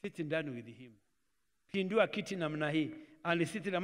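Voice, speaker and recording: Kenyan preacher in an echoing church. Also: male voice, a little high, lively intonation, normal speed. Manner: mixes Swahili into English, acts out family dialogues. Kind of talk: sermon. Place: church hall. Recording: church live stream with long reverb.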